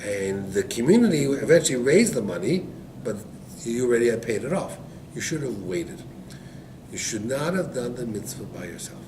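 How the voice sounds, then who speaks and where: A man's voice: mid-range voice, big pitch swings, normal speed, close to an everyday voice. A man voicing a stern male angel who rebukes firmly, recorded far off in an echoey, noisy room. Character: stern male angel delivering heavenly judgment. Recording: echoey room, distant mic, background noise.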